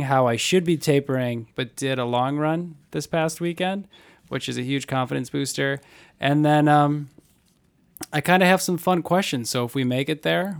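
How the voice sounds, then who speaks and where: Young male podcast host, chatty and playful, plain everyday voice. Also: mid-range voice. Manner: upbeat, joking, reads ad with acted anecdotes. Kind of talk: casual podcast chat.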